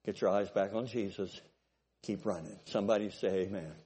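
A pastor in his sixties preaching a sermon, exhorting and building to forceful peaks. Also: on the low side, fairly even intonation, a little fast, slightly rough.

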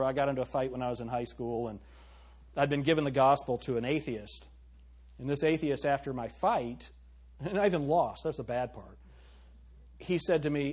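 A man's voice: a little mellow, slightly rough. A middle-aged man, preaching an emphatic sermon and asking the congregation questions. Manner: turns to a high mocking tone when imitating girls. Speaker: pastor.

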